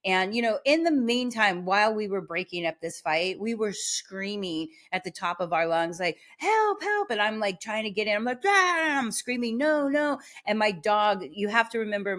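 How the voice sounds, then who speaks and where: Woman, podcast host, rambling personal story, animated, lots of restarts and fillers, medium pitch. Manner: animated, acts out the voices in her story.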